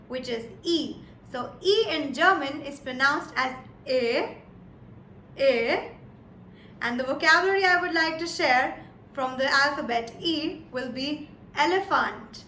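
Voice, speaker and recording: A woman from India, her voice high-pitched and sharp, teaches German slowly and patiently. Each word comes out twice, punctuated by frequent "Yes?" and "All right?" checks, and the recording has echo and faint background noise.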